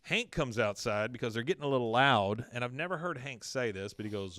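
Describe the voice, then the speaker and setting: A man's voice: mid-range voice, expressive, fairly quick, sharp tone, no room sound, studio quality. A man hosting a podcast, casually retelling scenes and quoting characters in shifting voices. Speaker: podcast host recapping an episode. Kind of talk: casual chat.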